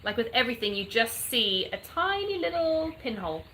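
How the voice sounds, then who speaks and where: Brief: English woman, bright voice, chatty live-stream host, soft birdsong behind. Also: fairly high pitch, big pitch swings, brisk, slight background noise. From England. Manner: chatty, upbeat, greets viewers by name. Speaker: livestream host. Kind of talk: casual live-stream chat reading comments.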